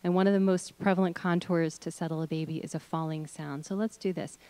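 A woman's voice: fairly low pitch, steady tone, brisk, warm tone, no echo. A middle-aged woman leading an audience through voice exercises, encouraging them and demonstrating with hums, chants and sung notes. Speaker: workshop leader.

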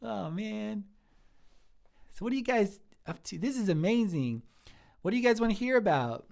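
A man's voice: sits high, vocal fry, a little mellow, smooth. A man voicing a giddy, childlike young woman who works in a kitchen, giggly and scattered as she answers live chat questions. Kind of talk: improvised live-stream character comedy.

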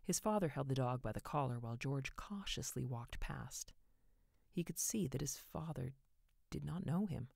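A woman narrating a short story in an expressive way, giving each character a voice. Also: very deep voice, normal speed, vocal fry, husky, dry recording, studio quality.

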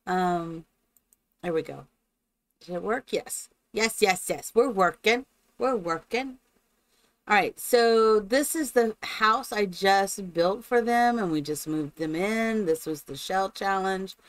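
A woman with a mid-range voice streams gameplay live, speaking slowly as she chats along and talks fondly to her game characters after opening with a spoken blessing. The audio has no echo but is poor quality.

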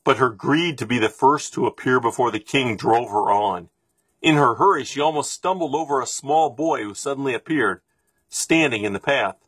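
A man reading a children's storybook aloud in a steady, expressive way, close to the mic. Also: medium pitch, moderate pace, breathy edge, dry recording. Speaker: reader.

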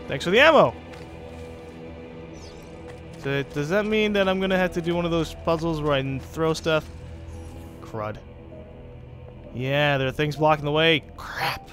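A young man casually commenting on his gameplay as a let's play host, chatty and sarcastic with excitable outbursts. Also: on the high side, normal speed, faint music behind.

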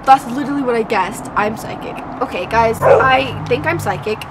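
A woman's voice: fairly high pitch, normal speed. Giggly young woman vlogging outside. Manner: giggly, self-mocking, laughs often. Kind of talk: casual vlog chat. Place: outdoors by a train line and highway. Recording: loud outdoor noise of rain and traffic. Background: light rain, passing train and traffic.

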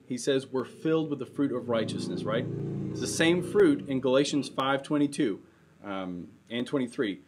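Young male pastor, laid-back storytelling sermon, mid-range voice. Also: medium pitch. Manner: casual, conversational preaching with storytelling.

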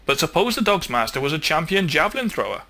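A man's voice: on the high side, very animated, quick pace, sharp tone, pitched above the performer's own voice, exaggerated voice. A man voicing a cautious male frog who earnestly reasons through his fears. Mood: insistent. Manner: earnest, patient, reasoning through what-ifs.

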